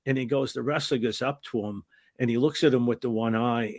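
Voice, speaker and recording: An older man who used to referee wrestling matches talks as an interview guest, rambling through anecdotes and often restarting his sentences, then livening up for the punchlines. His mid-range voice moves briskly, and the studio-quality recording has no echo. It's a casual storytelling interview.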